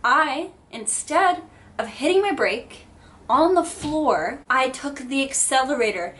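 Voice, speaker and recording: A woman vlogger telling a dramatic story time, animated and salty with swearing. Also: sits high, slow pace, a little hiss or hum. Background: background music.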